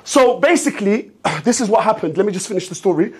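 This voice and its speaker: A man telling a rambling comic story, animated and repetitive, sometimes breaking into shouts. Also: sits high, fast talker, husky. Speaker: streamer in a therapy skit.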